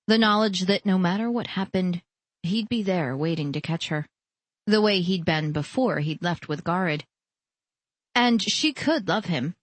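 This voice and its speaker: A woman narrating a romance audiobook with soft storytelling. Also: lowish voice, dry recording. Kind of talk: scripted narration.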